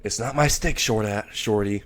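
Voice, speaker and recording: A man's voice: on the low side, moderate pace, close to an everyday voice. A man voicing a crude, foul-mouthed male imp hitman in a storybook reading, swearing and stammering often. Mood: defensive. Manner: swears constantly, blurts and stammers. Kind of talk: storybook character voice.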